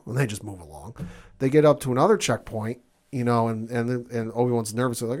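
A man co-hosting a casual podcast chat, retelling a TV episode with lively acted-out lines. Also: medium pitch. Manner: animated, acts out characters' lines in quick voices. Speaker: podcast co-host.

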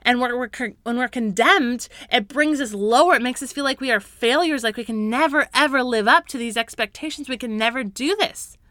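Bright earnest lady talking parenting and faith on her podcast, dry close sound, gets fired up. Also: on the high side, brisk, few pauses, no room sound. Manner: earnest, encouraging, rising to fervent emphasis. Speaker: podcast host.

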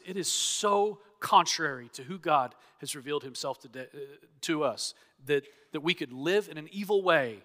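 Earnest preacher in a reverberant hall. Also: male voice, fairly high pitch, expressive, normal speed, few pauses, fairly bright tone. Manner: earnest, emphatic, acts out quoted objections. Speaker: pastor. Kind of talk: expository sermon. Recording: long reverb of a church hall.

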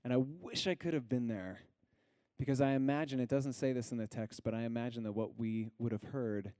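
A man preaching a sermon as pastor. He talks earnestly, pauses on single words and drops to a hush on key lines. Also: mid-range voice, no echo, studio quality.

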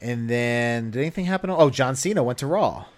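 Animated and fairly quick, a medium-pitched man co-hosts a podcast in easygoing conversation. His talk rambles and is packed with filler words.

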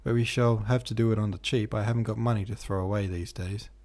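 A man reading aloud and voicing a reserved young man who speaks coldly and gravely. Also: lowish voice, fairly even intonation, quick pace, a little mellow, natural voice. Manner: cold and grave. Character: cold, reserved young man, a former medical student.

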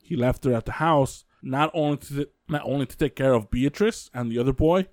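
A man hosting a casual podcast, retelling a true-crime story in a loose, filler-heavy way with quick acted quotes. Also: mid-range voice, darkish tone, dry recording, studio quality. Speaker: podcast host telling the case.

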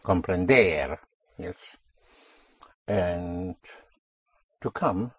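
A man's voice: low-pitched, drawn-out words, fairly bright tone, husky, dry recording, clean studio sound. A man teaching a language class, patiently drilling words and correcting pronunciation.

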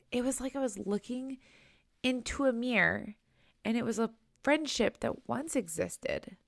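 A woman's voice: on the high side, pushed and bright, no room sound, clean studio sound. A young adult woman hosting her own podcast, talking earnestly and chattily, often tagging "right?" onto her thoughts. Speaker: podcast host. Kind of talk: personal podcast monologue.

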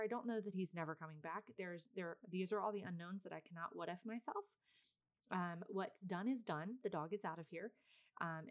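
A mother in her thirties tells her viewers a long personal story in a casual vlog, her voice sitting slightly low. She's chatty and rambling, full of fillers and asides, and calls herself a very loud person.

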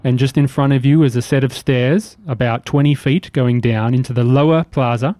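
A man running a tabletop game as game master, describing scenes in measured, detailed narration. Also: mid-range voice, steady tone, mellow, no room sound, faint music behind.

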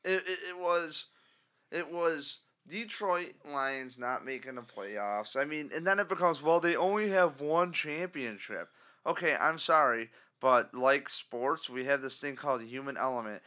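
A man co-hosting a casual sports podcast, ranting with animated asides and mock caller voices. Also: a little high, measured pace. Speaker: podcast co-host.

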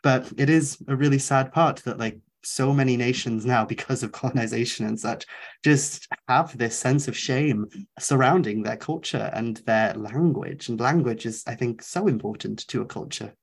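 A young man from North Wales, a native Welsh speaker whose softened Welsh accent often passes for English. He talks as an interview guest in an earnest, reflective way at a middling pitch. His speech is full of ums and restarts. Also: moderate pace, gravelly. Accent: softened Welsh, often heard as English. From North Wales, Isle of Anglesey. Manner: earnest, thoughtful, with frequent fillers.

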